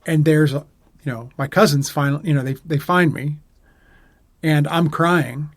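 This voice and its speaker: A man co-hosting a podcast tells a personal story with many pauses and restarts. His voice sits a little high for a man. The sound is dry and close. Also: fairly even intonation, no room sound. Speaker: podcast co-host. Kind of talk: casual conversation, personal story.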